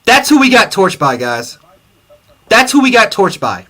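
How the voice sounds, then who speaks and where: A man hosts a sports livestream, furious after a loss and swearing through his rant. He stumbles over and repeats his words. His voice sits high with a bright, sharp edge. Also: sing-song, a little slow. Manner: angry, profane, repeats himself. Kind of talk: heated fan reaction rant.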